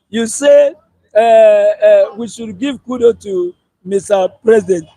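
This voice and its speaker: A Nigerian man in a street interview, complaining in an animated, ranting way and laughing as he talks. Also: high voice, slow, no room sound, low-quality recording.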